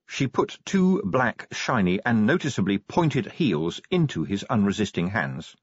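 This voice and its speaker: A man reading a novel aloud as an audiobook narrator, in a wry, measured storytelling manner. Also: lowish voice, big pitch swings, breathy edge, dry recording, lo-fi sound. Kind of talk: scripted narration.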